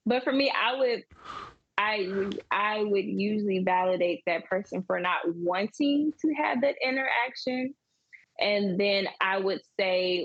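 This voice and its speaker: A husky-voiced woman chats as a podcast guest, animated and quick to laugh, often restarting sentences as she works out her point. The sound is dry and close, a bit dull and lo-fi. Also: medium pitch, no room sound. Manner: animated, laughs often, repeats words when starting sentences. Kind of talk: casual podcast chat.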